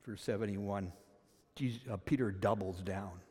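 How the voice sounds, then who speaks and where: A man from Canada preaching a sermon. He swings between loud, emphatic peaks and quiet asides. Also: lowish voice, normal speed, slightly rough, in a large hall. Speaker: pastor.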